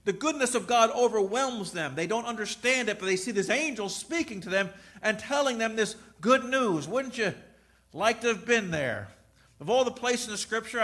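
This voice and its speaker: A middle-aged man preaching a sermon, telling stories and swinging between loud emphasis and soft asides. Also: high voice. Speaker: pastor.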